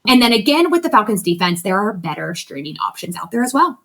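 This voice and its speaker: A woman co-hosting a fantasy football podcast in casual chat, animated and blunt, swearing casually as she rants. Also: medium pitch, fast talker.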